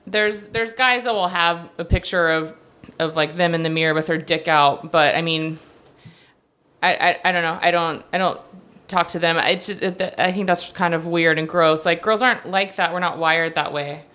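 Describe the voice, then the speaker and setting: A woman's voice: fairly low pitch, fairly even intonation, moderate pace, bright, forceful tone. A woman in casual podcast chat, hesitant and repeating her words.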